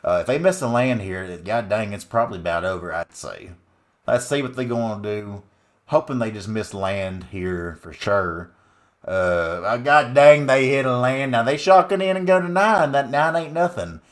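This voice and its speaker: A man's voice: medium pitch, moderate pace, lightly acted. A man putting on a rowdy, folksy Southern good ol' boy voice with an American Southern drawl, hollering his way through game commentary. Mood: boastful folksy. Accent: American Southern (put on). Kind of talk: exaggerated character voice during game commentary.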